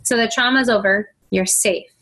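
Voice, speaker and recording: A middle-aged woman teaches a faith-based self-help talk, acting out quoted voices and whiny children as she goes. Her voice is a little high and a bit bright, at normal speed, on a low-quality recording.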